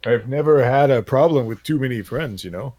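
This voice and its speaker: A man playing in a tabletop game, speaking in halting bursts full of fillers. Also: medium pitch, a little mellow, no echo. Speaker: player.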